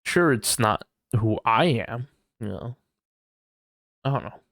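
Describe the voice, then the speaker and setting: A man's voice: mid-range voice, lively intonation, slow, gravelly, a bit bright, no echo, clean studio sound. A man hosting a casual solo podcast, rambling loosely and laughing often, with lots of "you know". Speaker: podcast host.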